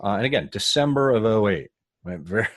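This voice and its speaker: A man telling a story in a casual interview, animated and acting out the voices of the people he quotes. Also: fairly low pitch, a little fast, no room sound. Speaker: guest.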